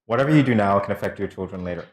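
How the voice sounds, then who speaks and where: A man's voice: fairly low pitch, racing, reverberant. A man co-hosting a morning talk show, chatting casually and teasing with frequent laughter. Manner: playful and teasing, laughs often while explaining. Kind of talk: casual studio banter. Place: TV studio.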